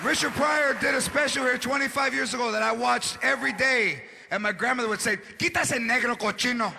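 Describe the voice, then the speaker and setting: A man doing a stand-up comedy set, with a loud, punchy delivery that mixes in Spanish words. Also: extremely high pitch, steady tone, fairly quick, creaky. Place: large theater stage. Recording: live theater show with crowd noise. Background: audience laughter and noise.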